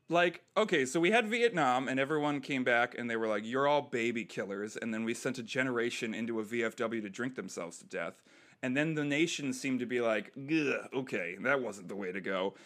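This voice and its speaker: Bright-voiced man telling animated stories. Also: medium pitch, moderate pace. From United States. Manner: animated storyteller who acts out other people's lines. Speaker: comedian and military veteran. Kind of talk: casual podcast conversation.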